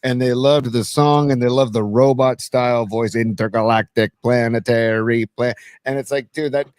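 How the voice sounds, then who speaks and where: Co-host: middle-aged man, easygoing enthusiasm, mid-pitched voice, dry close recording. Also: fairly even intonation, moderate pace, darkish tone, dry recording. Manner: enthusiastic, says dude a lot. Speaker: podcast co-host. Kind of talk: casual sports and music chat.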